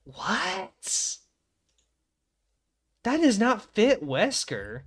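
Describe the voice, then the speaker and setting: A young man streaming live, chatting excitably and rambling about game lore. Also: very high-pitched, vocal fry, husky, dry recording, studio quality. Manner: excitable, rambling, quick bursts of laughter.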